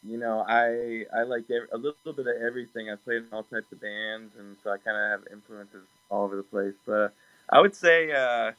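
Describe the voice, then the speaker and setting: Relaxed, bright-voiced man on a call. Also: fairly low pitch, a little fast, poor audio. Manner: relaxed, hesitant with many ums and restarts. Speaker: production assistant and music producer. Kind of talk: casual interview over a call.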